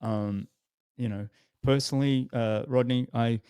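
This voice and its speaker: A man hosting a podcast interview over a video call who answers his guest with quick, encouraging remarks. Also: medium pitch, fairly even intonation, warm tone, clean tone, dry recording, clean studio sound. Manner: encouraging, quick back-channel replies. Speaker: podcast host. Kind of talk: interview conversation.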